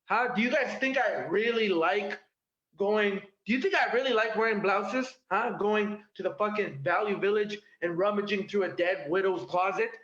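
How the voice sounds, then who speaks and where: Guy doing standup from his kitchen, high voice, keeps going "okay? all right?", echoey room. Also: normal speed, a bit bright. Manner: punchy delivery, tags jokes with "okay?" and "all right?". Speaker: stand-up comedian. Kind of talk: stand-up routine. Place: home kitchen. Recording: roomy, dull lo-fi home recording.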